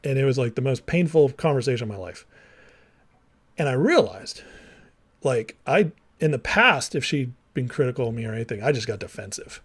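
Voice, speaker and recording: A man's voice: medium pitch, normal speed, breathy edge. A man who was a minister and counselor tells his own story to viewers in a candid, rambling way, often saying "like," restarting sentences and acting out remembered dialogue. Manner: heavy use of "like" and restarts. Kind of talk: personal storytelling monologue to viewers.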